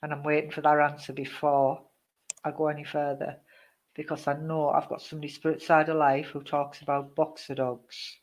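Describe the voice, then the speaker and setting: Chatty woman, flat delivery. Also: low-pitched, moderate pace. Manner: chatty, checks in with "okay?"; addresses viewers by name. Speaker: psychic medium. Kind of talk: live online reading.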